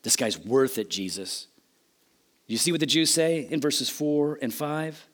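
A man preaching a sermon, telling a story with animated, changing delivery and acted-out quotes. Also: medium pitch, unhurried. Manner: animated storytelling, voices quotes, sudden loud and soft swings.

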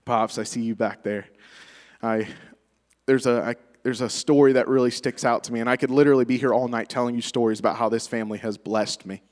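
A man's voice: medium pitch, in a large hall. A man giving a tribute speech to a church congregation, telling personal stories in a conversational way and laughing often. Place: church sanctuary.

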